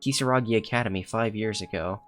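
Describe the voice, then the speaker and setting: A man's voice: lowish voice, fast talker, fairly bright tone, close to an everyday voice. Man reading an earnest teenage schoolgirl, plain read-aloud delivery, faint game music.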